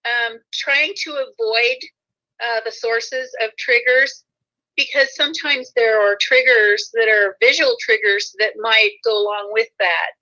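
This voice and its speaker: Through muffled, lo-fi sound, a female show host chats casually, rambling a bit, laughing often and correcting herself along the way. She speaks unhurriedly in a high-leaning, bright, forceful voice with fairly even intonation.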